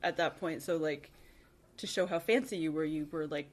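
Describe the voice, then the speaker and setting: A woman with a somewhat low voice co-hosts a podcast in relaxed, casual chat. She talks in loose, filler-heavy runs and often trails off before finishing a thought. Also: normal speed. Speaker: podcast co-host.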